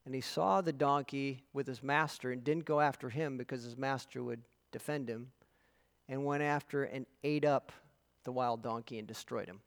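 A pastor preaches to his congregation in a steady, medium-pitched voice at a moderate pace, earnest and emphatic as he tells stories. The recording carries a long reverb, as if in a large hall.

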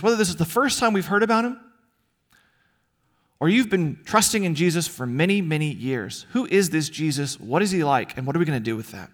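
A male pastor delivering a sermon in a fairly high, very animated voice that rises and falls widely. He preaches earnestly, leaning on rhetorical questions and pauses. His delivery swings between quiet emphasis and bright emphatic peaks.

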